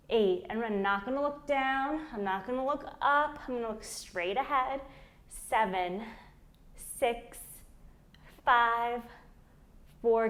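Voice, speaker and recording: A woman leading a beginner plank workout, counting down holds and coaching form, strained while doing the moves herself. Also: a little high. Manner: counts reps aloud while exercising, strained on hard holds. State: shaking from effort during holds. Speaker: fitness instructor. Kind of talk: guided workout instruction.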